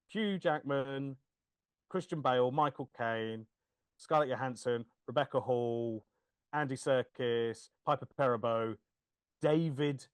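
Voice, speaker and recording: Podcast co-host, thirties, male, lively and jokey, swears freely, acts out quotes, dry mic. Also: mid-range voice, no echo. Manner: animated, laughing, swears, acts out quoted lines. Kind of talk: casual chat.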